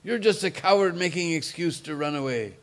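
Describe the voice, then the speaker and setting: A man's voice: a little high, animated, brisk, lightly acted. A man playing a bold young warrior prince who speaks with defiant, scolding force.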